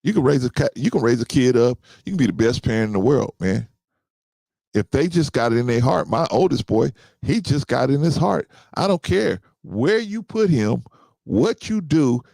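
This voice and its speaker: A gravelly man of about fifty chats loosely with his listeners, and his pitch rises and falls a lot. He often circles back with "right?" and repeats his points. The sound is dry and close, with no room echo. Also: animated, moderate pace, darkish tone. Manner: conversational, repeats himself, often asks "right?". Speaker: podcast host. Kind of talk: casual talk to listeners.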